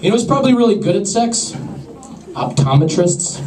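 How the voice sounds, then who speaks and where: A young man doing a stand-up comedy set with an awkward, deadpan, self-deprecating delivery to a laughing crowd. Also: high voice, brisk, a little hiss or hum. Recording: echoey club from far off.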